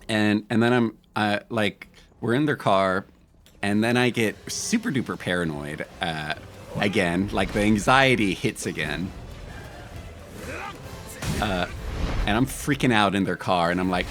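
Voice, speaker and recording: Animated and moderately paced, this game streamer has a lowish, slightly bright voice. His live-stream talk is relaxed and meandering, full of stories, filler words, and frequent laughs.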